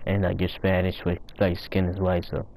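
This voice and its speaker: A man giving rowdy, profane commentary while playing a game, often breaking into loud high-pitched yells. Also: monotone, normal speed, vocal fry. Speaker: gamer recording his play. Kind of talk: casual gaming commentary.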